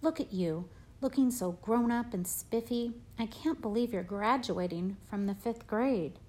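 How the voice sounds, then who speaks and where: Woman voicing a fond, gently teasing father. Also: fairly high pitch, a little slow, lightly acted. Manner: affectionate, light, gently joking. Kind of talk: audiobook character voice.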